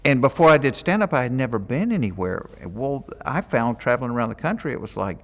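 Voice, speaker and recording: A man's voice: mid-range voice, big pitch swings, brisk, fairly bright tone, big-room sound. A man with a Southern US accent from Georgia tells jokey stories in an interview and acts out the quotes. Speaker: comedian. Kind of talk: interview storytelling.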